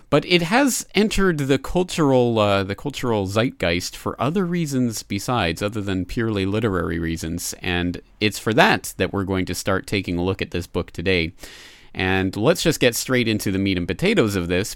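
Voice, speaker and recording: A man hosting a podcast, speaking in a measured way with frequent hesitations. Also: lowish voice, no echo. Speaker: podcast host. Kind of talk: podcast monologue about a book.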